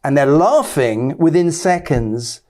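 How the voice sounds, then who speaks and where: A man's voice: on the high side, expressive, slow pace, warm tone. A man hosting a casual interview. He eagerly chimes in with constant short affirmations and praise. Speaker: host.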